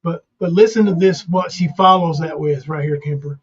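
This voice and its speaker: A man's voice: on the high side, moderate pace, slightly rough. A man co-hosting a stream, earnestly arguing his point about played clips. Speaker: co-host. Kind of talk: casual commentary on played clips. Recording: dull lo-fi audio.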